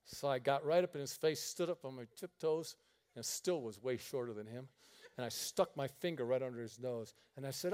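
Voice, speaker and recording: A man pastor preaching a sermon through lively, laughing storytelling. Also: mid-range voice, moderate pace, clean tone. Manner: animated storytelling with frequent laughter.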